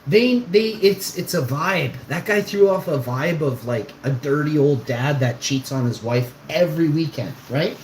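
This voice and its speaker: A man in his forties delivers an exasperated, scornful rant straight to his viewers, his voice sitting a little high. The room rings with a noticeable echo. A faint hum runs underneath. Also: animated, measured pace, few pauses, a little mellow. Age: 40s. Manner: exasperated, scornful, calling someone out. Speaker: streamer. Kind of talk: ranting monologue to viewers.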